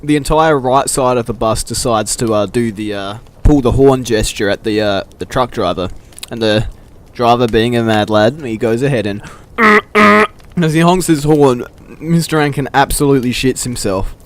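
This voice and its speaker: A man's voice: medium pitch, moderate pace. A young man casually telling school camp stories, swearing and laughing often. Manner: profane, laughing, animated quoting of friends. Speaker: storyteller.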